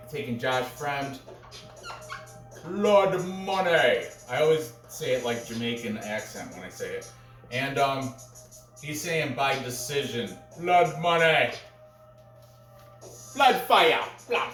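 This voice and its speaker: Guy rambling through fight picks, kinda high voice, roomy echo, faint music behind. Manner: rambling, full of restarts and asides, animated. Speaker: host of an MMA picks show. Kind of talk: casual rambling commentary.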